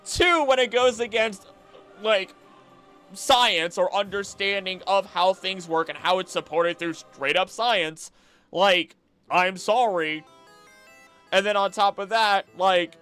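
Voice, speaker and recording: A man streaming casually, skimming text aloud quickly with mumbled filler and breaking into loud, heated rants. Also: sits high, clear, resonant tone, faint music behind. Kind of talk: casual live-stream chat, reading aloud.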